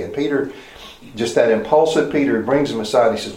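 A man teaches a Bible lesson in a relaxed, conversational way, breaking off and restarting his sentences and checking in with rhetorical questions. His voice sits at an ordinary middle pitch. The sound is roomy, with a noticeable echo around him. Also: fairly quick. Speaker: preacher. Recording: roomy echoey hall.

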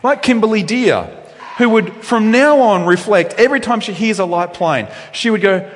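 A man preaching a sermon in a church, with animated delivery that swings between loud emphasis and quiet reflection. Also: sits high, normal speed. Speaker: pastor. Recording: long reverb in a church.

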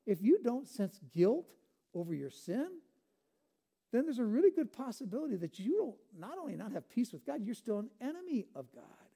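Male pastor, earnest pleading sermon delivery; high-pitched, warm and dark in tone. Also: big pitch swings, moderate pace, gravelly.

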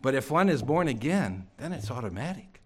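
Preaching man with a sudden hush. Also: mid-range voice, very animated, brisk, slightly rough. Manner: preaching with rhetorical questions and sudden drops to a hush. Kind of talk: sermon. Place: church.

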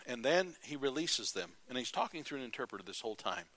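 Preacher guy acting out a bible story, bright voice, dry close mic. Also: medium pitch, brisk, dry recording. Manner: animated storytelling, acting out the characters' lines. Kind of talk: sermon retelling a Bible story.

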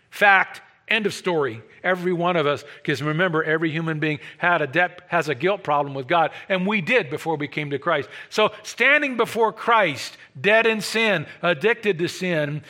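A man preaching a sermon, swinging between loud emphatic peaks and hushed low asides. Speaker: pastor.

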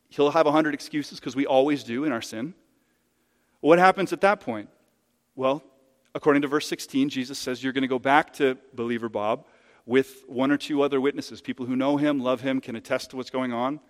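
A man's voice: medium pitch, a little fast, big-room sound. A man preaching a sermon as pastor in a conversational, emphatic way, using hypothetical examples. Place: church sanctuary.

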